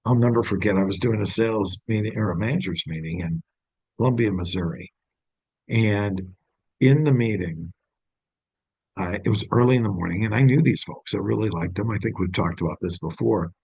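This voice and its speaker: A man's voice: lowish voice, moderate pace, creaky, a little mellow, slightly rough, no echo, rough recording. A middle-aged man giving a sales training talk, often acting out upbeat phone greetings to show the right tone.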